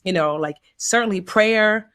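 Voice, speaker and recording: An American woman talks as a guest, spinning stories in an easy conversational way. She is animated and slips into other people's voices as she quotes them, dropping folksy asides. Her voice sits at an average pitch. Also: measured pace, clean tone. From United States. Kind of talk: casual conversational storytelling.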